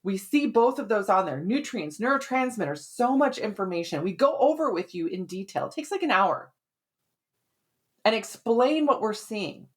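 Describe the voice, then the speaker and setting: A woman's voice: medium pitch, very animated, normal speed. A woman hosting a health podcast as a hormone expert, explaining in a chatty, conversational way and often checking in with "right?".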